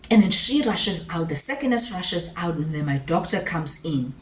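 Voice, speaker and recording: A young adult woman vlogger telling a personal story to camera, heartfelt and emotional, with earnest, rushed, worried questions as she relives each moment. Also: on the low side, animated, fairly bright tone, slight background noise.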